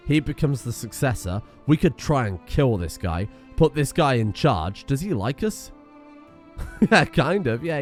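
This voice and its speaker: Man, gaming streamer, casual commentary, swears a lot, easily sidetracked, mid-range voice, soft music in the background. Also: medium pitch. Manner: chatty, profane, easily sidetracked. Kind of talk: casual strategy game commentary.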